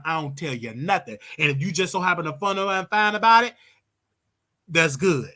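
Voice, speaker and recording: Blunt high-voiced man ranting advice. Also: a little fast, pushed and bright. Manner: blunt, preachy, repeats his points for emphasis. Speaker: show host. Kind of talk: casual advice rant.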